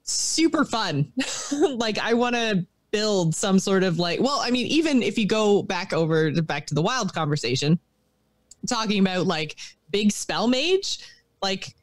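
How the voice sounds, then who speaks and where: Excitable woman podcast co-host. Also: medium pitch, measured pace, no echo. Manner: excitable, lots of laughing and fillers. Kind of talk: casual chat.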